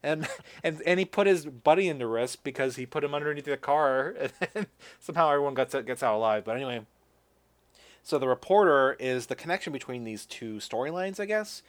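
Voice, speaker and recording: A man's voice: medium pitch, animated, brisk. Man rambling through a casual movie recap. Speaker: podcast host. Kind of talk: casual chat.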